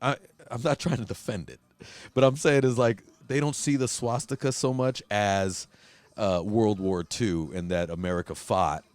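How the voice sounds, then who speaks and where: A man hosting a casual podcast chat, telling a story in a profane, animated way and acting out quotes. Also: lowish voice, moderate pace, no room sound. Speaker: host. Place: Huntington Beach, California.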